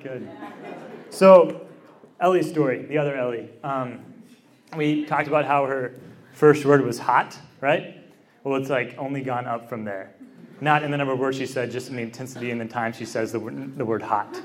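A man's voice: mid-range voice, fairly even intonation, normal speed. A man in his thirties giving a casual teaching talk at a prayer meeting, chatty and joking as he tells family stories. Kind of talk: casual storytelling then teaching.

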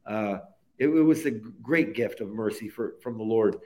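A man's voice: fairly low pitch, normal speed, mellow. Earnest man sharing a heartfelt story. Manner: earnest and heartfelt, stacking phrases with repeated "and, and". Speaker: interview guest. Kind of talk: personal faith storytelling in a podcast interview.

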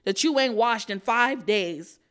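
A young woman hosting her own show, ranting in a heated, profane, emphatic way that turns quiet and somber at times. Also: a little high, measured pace. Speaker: podcast host. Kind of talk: profane solo rant.

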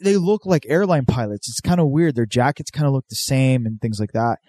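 A man's voice: medium pitch, brisk, mellow, no echo. A man telling a rambling story in casual chat, loose and profane, with many fillers. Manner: rambling, profane, laid-back, lots of fillers.

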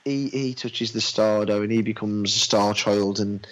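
An adult man with a daughter chats loosely about films he's watched, saying "mate" and acting out little anecdotes in quick voices. His voice is on the low side with fairly even intonation, and the audio is poor.

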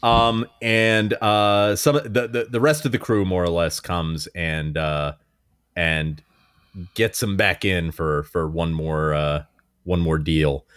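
A man's voice: low-pitched, fairly even intonation, takes it slowly, fairly bright tone, clean tone, no echo, clean studio sound. A man chatting casually on a movie podcast, summarizing a film in a rambling way with many fillers, restarts and laughs.

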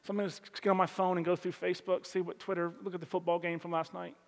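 A man preaching a sermon as pastor, talking conversationally and swinging from loud emphasis to quiet asides. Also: sits high, level tone, fast, gravelly. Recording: long hall reverb.

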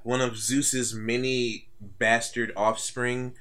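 A man's voice: medium pitch, little pitch movement, slow pace, bright, forceful tone. A young man co-hosting a casual podcast, laid-back and swearing freely. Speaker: podcast co-host. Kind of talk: casual chat.

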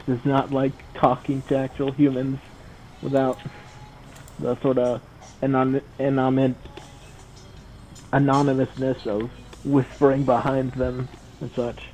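A man's voice: medium pitch, flat delivery, measured pace, pauses often, a little mellow, slight background noise, poor audio. A man playing in a tabletop role-play, talking hesitantly and rambling. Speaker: player.

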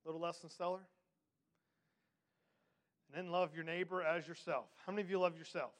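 A man teaching a Bible study lesson, reading scripture slowly and putting questions to his class in an emphatic, conversational way. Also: on the high side, fairly even intonation. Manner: reads scripture slowly and deliberately.

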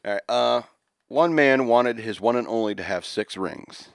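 A man's voice: mid-range voice, moderate pace, gravelly, no room sound, studio quality. A man co-hosting a casual chat show, reading news stories aloud and joking between them. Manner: jokey, reads stories aloud with asides. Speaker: podcast co-host.

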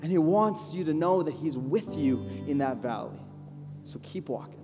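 Soft instrumental worship music hums under the live church-hall reverb as a pastor delivers his sermon to the congregation. Expressive and fairly high-pitched, he pleads earnestly, builds to fervent proclamations, and eases down into prayer.

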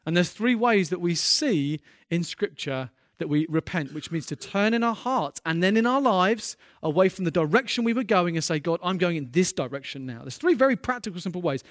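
A man's voice: high-pitched, lively intonation, brisk, hardly any pauses, dry recording, clean studio sound. A man preaching a sermon as a pastor, earnest and impassioned, often restarting his sentences and building in intensity.

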